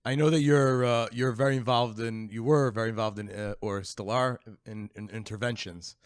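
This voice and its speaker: A man hosting a podcast interview, asking soft, hesitant questions. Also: medium pitch, fairly even intonation, normal speed, dry recording, studio quality. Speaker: podcast host.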